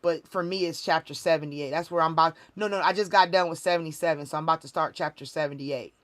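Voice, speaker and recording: This woman talks fast in a low, steady, fairly bright voice as she gives a casual livestream testimony of a spiritual kind. A spiritual reader and the stream's host, she tells her story emotionally and from the heart, repeating herself and restarting many times.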